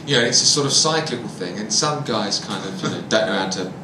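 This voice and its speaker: A man's voice: on the low side, expressive, fast. Blunt, rambling male chat-show host. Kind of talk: casual chat-show interview. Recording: echoey, distant, noisy live recording.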